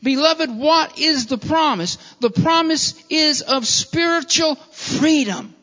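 A man's voice: very high voice, takes it slowly, sharp tone. A man preaching a sermon in an earnest, repetitive style and often calling his listeners beloved. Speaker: pastor. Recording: dull lo-fi sound with long hall reverb.

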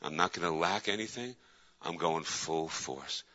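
A man's voice: deep voice, measured pace, pushed and bright. A man, a pastor, preaching a sermon with emphatic repetition. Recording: echoey hall, dull lo-fi sound.

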